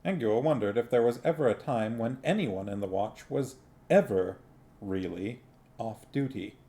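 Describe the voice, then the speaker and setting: A man reading a novel aloud on a stream, in an unhurried, plainly spoken way. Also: medium pitch, dark tone. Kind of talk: book reading with casual commentary.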